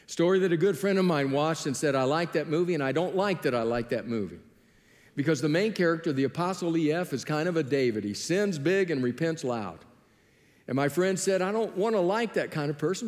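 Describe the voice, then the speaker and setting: A man preaching a sermon, telling Bible stories with lively acted-out dialogue. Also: fairly high pitch, brisk, big-room sound. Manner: animated storytelling, acting out biblical dialogue. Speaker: pastor.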